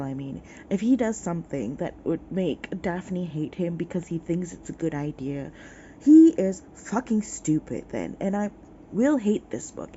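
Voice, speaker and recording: A woman's voice: fairly low pitch, mellow, a little hiss or hum. A sick, sniffling woman rants in exasperation about a book in a casual vlog, talking from her bed. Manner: exasperated, ranting, sighing. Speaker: book vlogger. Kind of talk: casual reading vlog rant. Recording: dull lo-fi recording.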